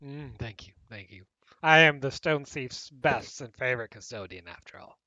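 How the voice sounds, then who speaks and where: A man's voice: lively intonation, normal speed, bright, forceful tone, dull audio, a little hiss or hum, heavily acted. Man putting on a pompous fussy architect. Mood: smug. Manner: haughty, shrill, theatrical outbursts. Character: fussy pompous architect, servant of a living dungeon.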